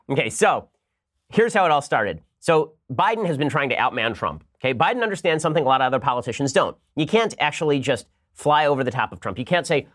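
A man hosting a political podcast, reading an ad and giving sarcastic, animated commentary. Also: medium pitch, quick pace. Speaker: podcast host. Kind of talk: fast political commentary with ad read.

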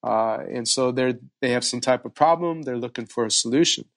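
Brief: male podcast host, mid-pitched, lively storyteller, casual chat. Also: brisk. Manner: animated storyteller, frequent fillers.

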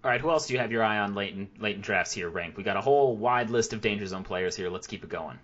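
A man hosting a podcast, brisk and analytical as he breaks things down. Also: lowish voice, fairly bright tone, dull audio. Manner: brisk, analytical, quick delivery. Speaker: podcast host. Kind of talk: casual podcast chat.

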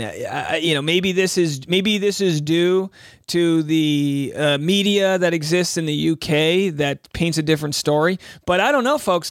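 A man with a fairly high voice hosts a commentary podcast, and he is animated and sarcastic, full of rambling asides. His voice sounds dry and close to the mic, with no room sound at all. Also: dry recording. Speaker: podcast host.

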